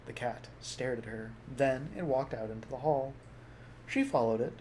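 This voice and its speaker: A man narrating a storybook aloud in a soft, measured reading voice. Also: mid-range voice, a little hiss or hum. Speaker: audiobook reader.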